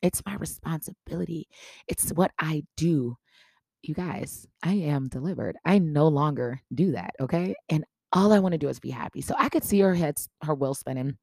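Female podcast host, storyteller who acts out dialogue, low mellow voice, dry close sound. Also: expressive, fairly quick, few pauses, no room sound. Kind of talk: casual storytelling.

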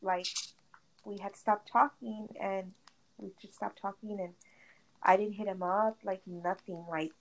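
This rough recording, with a faint hum of background noise, captures a young woman chatting with a friend while gaming. Her voice is medium in pitch and her pace measured as she gossips animatedly through a dramatic tale, full of "like" fillers and frequent curse words.

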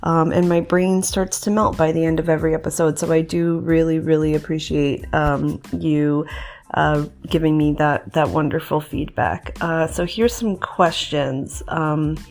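Woman, podcast host, low voice, casual chat, fillers and restarts. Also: steady tone, a little slow, darkish tone. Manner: chatty, many fillers and restarts.

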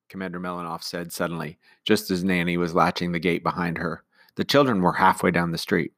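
A male teacher reading a children's novel aloud in a calm, even narration. His voice sits low. The recording is dry and close. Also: fairly quick, dry recording. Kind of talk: storybook read-aloud.

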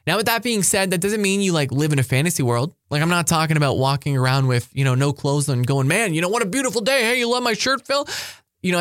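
A man preaching a motivational talk to high school students, energetic and emphatic, repeating his key phrases. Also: no echo, studio quality. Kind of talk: sermon-style motivational talk.

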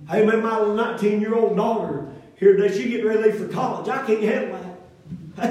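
A middle-aged man preaches in a church, his voice set high for a man and rising and falling as he builds his points. He talks folksy and plain, trading call and response with the room. The sound is echoey and a little distant from the mic. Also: brisk, darkish tone. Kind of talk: preaching a sermon.

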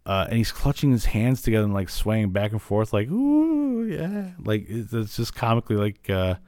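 A man with a lowish voice recaps an old cartoon for his podcast, rambling along with plenty of "uh"s and "like"s. He grew up in Illinois. The sound is dry and close, with almost no room around it. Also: fairly even intonation, brisk, darkish tone, no echo. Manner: rambling, filler-heavy retelling. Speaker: podcast host. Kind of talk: casual recap of a cartoon episode.

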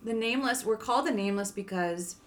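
A woman from Canada co-hosts a loose podcast chat with friends. She leads the talk with crude, playful jokes. Her voice sits at a middle pitch. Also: quick pace. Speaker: podcast co-host. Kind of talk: casual chat.

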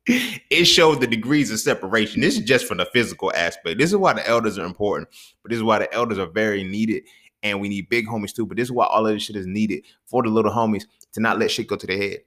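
Telling a story on his podcast, the young adult host uses casual slang and talks fast, his delivery lurching from quiet mutters into loud, excited outbursts.

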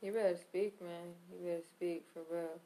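A woman's voice: on the low side, little pitch movement, normal speed, warm tone. Emphatic, swearing woman podcast co-host. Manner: profane, emphatic, talks through hypotheticals. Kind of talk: casual explaining chat.

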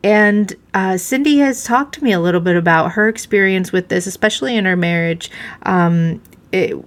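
A woman hosting a podcast, asking her guest questions in a measured way with a few ums. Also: mid-range voice. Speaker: podcast host. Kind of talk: casual interview.

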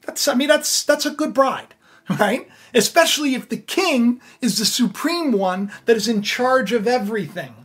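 Husky, animated storytelling preacher. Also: mid-range voice, moderate pace. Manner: lively, animated storytelling with asides. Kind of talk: sermon retelling a scripture story.

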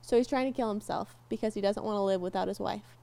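A young woman co-hosting a casual podcast, animated and quick to laugh, easily moved while telling a story. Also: mid-range voice, creaky. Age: young adult. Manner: animated, laughs easily, gets teary and emotional. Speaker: podcast co-host. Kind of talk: casual chat.

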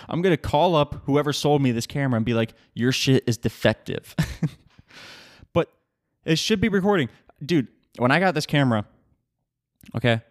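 A man's voice: medium pitch, no echo, clean studio sound. Young man ranting and laughing on a podcast. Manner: swearing, laughing, animated rambling. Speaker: podcast host. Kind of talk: casual solo podcast rant. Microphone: podcast microphone.

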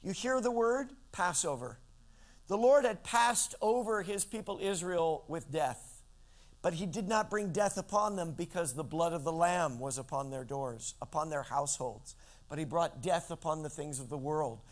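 Man, high-pitched voice, preaching a sermon, from Central California, dramatic rises and drops, asks listeners questions. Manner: dramatic shifts in pitch and loudness, slows for emphasis; addresses listeners directly with questions. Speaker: pastor.

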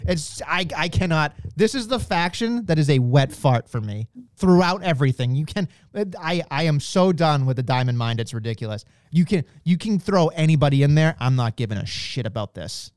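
A man co-hosting a wrestling podcast, blunt and profane, ranting in animated casual chat. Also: on the high side, normal speed, hardly any pauses, dry recording, clean studio sound.

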